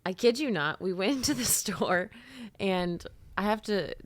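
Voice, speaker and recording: A woman co-hosting a casual podcast, telling stories with animated energy and frequent laughter. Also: medium pitch, measured pace, no echo. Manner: animated storyteller, laughs often. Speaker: podcast co-host. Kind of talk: casual chat. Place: home studio, seated on a couch.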